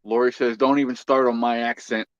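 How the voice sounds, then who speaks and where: A man's voice: mid-range voice, little pitch movement, fairly quick, no room sound, muffled recording. A man hosting a casual livestream chat, easygoing and chatty, reading out viewer comments. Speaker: livestream host.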